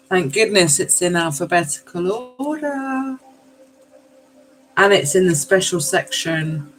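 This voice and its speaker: Hosting a live tarot reading, a woman speaks unhurriedly in a lowish, somewhat bright voice, and the audio quality is poor. She swears, apologizes, lets out exclamations, and lovingly addresses viewers as darlings.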